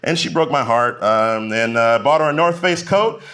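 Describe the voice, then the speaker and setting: With a medium pitch and moderate pace, a man in his forties does stand-up at a live comedy venue. He tells stories animatedly, acting out the voices of the people involved.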